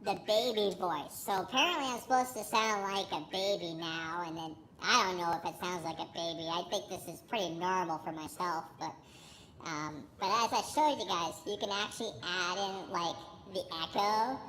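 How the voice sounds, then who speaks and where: A man talking through a high "baby" voice-changer preset with added echo, joking around. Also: normal speed, sharp tone, slight background noise. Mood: goofy. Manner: goofy, joking. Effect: pitch-raising voice changer with added echo.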